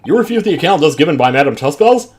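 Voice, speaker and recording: A man's voice: fairly high pitch, very animated, fast, slight background noise, pitched above the performer's own voice. A man voicing a stern older male judge who speaks in a formal, commanding way.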